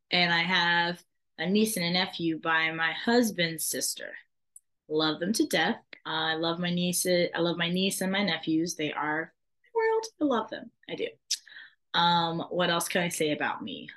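A woman's voice: fairly low pitch, sharp tone. A young adult woman, a podcast co-host, introducing herself in a chatty, rambling way with laughs. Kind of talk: casual self-introduction.

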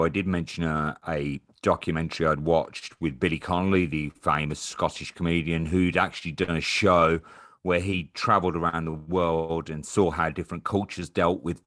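A man's voice: a bass voice, fairly bright tone. A man hosting a podcast in casual chat, chatty and teasing, often restarting his sentences. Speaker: podcast host.

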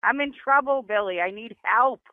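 High-voiced woman on a tinny phone line. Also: normal speed, dry recording. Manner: playful, plays along. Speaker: prank call target. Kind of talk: phone conversation.

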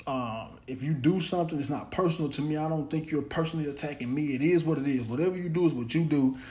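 A man's voice: on the high side, quick pace, dark tone. A man hosting a podcast, talking in a blunt, rambling casual monologue full of slang and repeated words. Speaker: podcast host.

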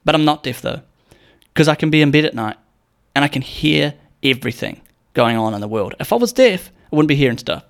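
A man's voice: on the high side, expressive, a little fast, vocal fry. A young man hosting a casual solo podcast, rambling and joking with plenty of swearing and acted-out quotes. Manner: rambling, profane, jokey, acts out quotes. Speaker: podcast host.

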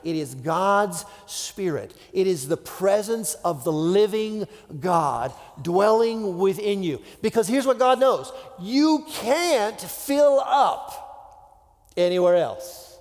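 A pastor with a high-pitched, expressive voice preaches slowly and conversationally, sinking to near-whispers for effect and acting out imagined voices. A long hall reverb hangs over the recording.

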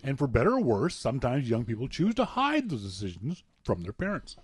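A Canadian man co-hosts a podcast, spinning casual stories in a playful way and laughing at his own tales. His voice is husky and mid-range, and he talks fairly quickly with animated energy.

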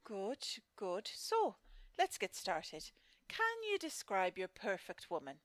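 A woman's voice: medium pitch, wildly swooping pitch, slow pace, no echo, voice pushed down. A woman playing a dry, sarcastic dating agent with an Irish accent in a comedy sketch.

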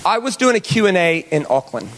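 A man's voice: high voice, big pitch swings, fairly quick, slight background noise. A male pastor telling a story in a sermon, talking conversationally and putting questions to the audience.

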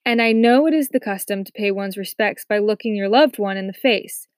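A woman voicing a harsh, condescending male army officer with slow, cold, mocking delivery in a dry recording. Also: mid-range voice, no echo, lightly acted. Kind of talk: audiobook character reading.

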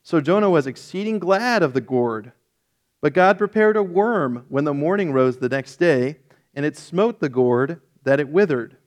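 Easygoing pastor teaching from scripture. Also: male voice, on the high side, moderate pace. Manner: relaxed, self-correcting, lightly joking; reads scripture aloud with rising emphasis. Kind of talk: casual Bible-teaching sermon.

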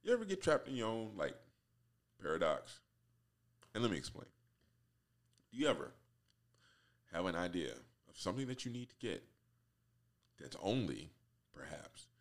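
Solo podcast host, man in his forties, very deep voice, loose and self-mocking, laughs a lot. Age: 40s. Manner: laughs often, swears freely, self-mocking. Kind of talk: rambling solo podcast monologue.

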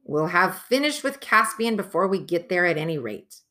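Casting: blustering male dwarf warrior, read by a woman, raised and loud for her, bright forceful tone. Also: on the low side, moderate pace. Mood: exasperated. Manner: excitable, exclaiming, argumentative. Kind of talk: audiobook character voice.

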